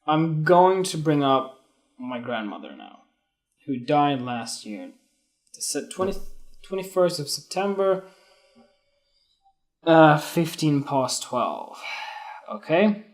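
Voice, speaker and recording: A young man talks off the cuff to a live stream audience, rambling from one thought to the next. He is blunt and curses freely, and his voice sits slightly higher than most men's. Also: sing-song, slow, pauses often. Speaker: photography podcast host. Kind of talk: casual solo talk on a live stream.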